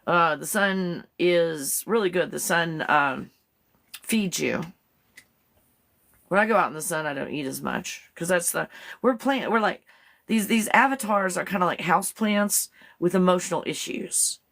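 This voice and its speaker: Gravelly-voiced woman rambling on a live stream. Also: a little slow, a bit bright. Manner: rambling, giggly, chatty, talks to her dog in a high baby voice. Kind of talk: casual live-stream chat. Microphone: phone.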